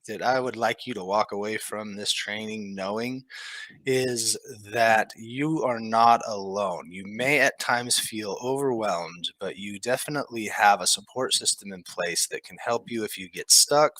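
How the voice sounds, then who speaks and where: Male trainer presenting online, bright and a bit low, easygoing and halting, dry recording. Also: no room sound, low-quality recording. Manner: relaxed, many ums, slow and measured. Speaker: training team manager.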